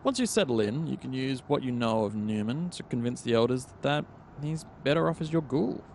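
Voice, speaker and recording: A smug male vampire fixer, as a man puts him on, talking down to a newcomer in a dry, knowing tone. His voice sits mid-range with a gravelly rasp. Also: medium pitch, expressive, a little fast, darkish tone, a little hiss or hum. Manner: dry and condescending.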